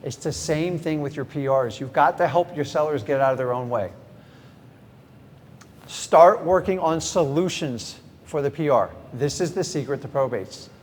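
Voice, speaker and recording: A middle-aged man, a real estate coach, teaching a live seminar with energy and speaking straight to the audience. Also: normal speed. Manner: energetic, talks straight to the crowd. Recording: reverberant hall, faint rumble.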